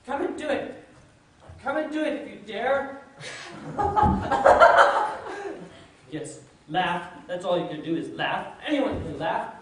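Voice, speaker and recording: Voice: mid-range voice, sing-song, moderate pace, natural voice. Toad: a performer playing a gushing, boastful toad. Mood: blustering. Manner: theatrical, gushing, swooping exclamations. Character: boastful, excitable male toad mad about motoring. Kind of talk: stage play performance. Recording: distant echoey stage recording with faint hiss.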